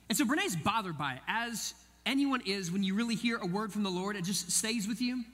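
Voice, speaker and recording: High-voiced man preaching in a reverberant hall. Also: brisk. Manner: animated, acts out quoted voices. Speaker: pastor. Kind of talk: sermon storytelling.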